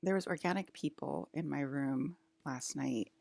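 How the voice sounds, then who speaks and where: Low, gravelly, shaky woman vlogger. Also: a little mellow, no room sound. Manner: hesitant, halting, shaky and upset. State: shaky and nauseous. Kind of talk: casual talk to camera.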